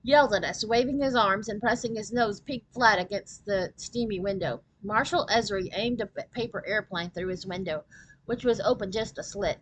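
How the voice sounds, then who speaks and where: A woman's voice: medium pitch, normal speed, husky, rough recording. Woman reading a children's book aloud. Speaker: storyteller.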